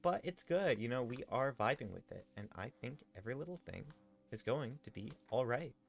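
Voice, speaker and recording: A man's voice: medium pitch, animated, moderate pace, gravelly. A man streaming a game live, chatting casually, reading viewer messages aloud and slipping in and out of a playful role-play. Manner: playful, rambling, reads chat messages aloud.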